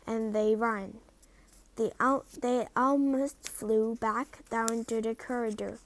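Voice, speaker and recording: A woman reads a storybook aloud at a slow, careful pace, sometimes dropping to a whisper. Her voice sits a little high. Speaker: reader.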